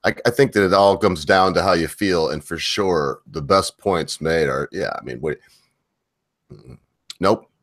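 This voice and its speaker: Low-voiced rambling stream host. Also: male voice, measured pace, dry recording, clean studio sound. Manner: rambling, laughs often, many fillers. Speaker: podcast host. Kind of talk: casual stream chat.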